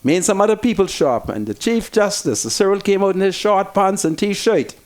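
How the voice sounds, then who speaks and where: A man's voice: sits high, lively intonation, brisk. A Bahamian man hosting a heated political talk show, fiery and preachy, speaking in strong local dialect.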